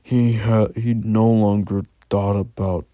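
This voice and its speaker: A man reading a first-person horror story aloud in a slow, halting way. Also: fairly low pitch, flat delivery, warm tone, dry recording.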